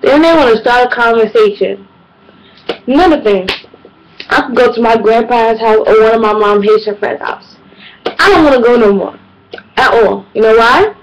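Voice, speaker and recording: A woman's voice: a little high, moderate pace, long pauses, dull audio, a little hiss or hum. A young woman, telling exasperated comedic stories in a casual, slangy vlog monologue. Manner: animated, exasperated, slangy storytelling. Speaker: vlogger.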